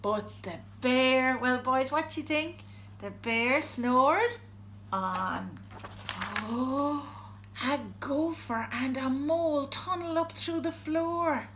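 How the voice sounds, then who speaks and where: A woman reading a picture book aloud to her children, animated, gasping and asking them questions. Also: sits high, slow, echoey room, a little hiss or hum. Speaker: parent reading to her boys.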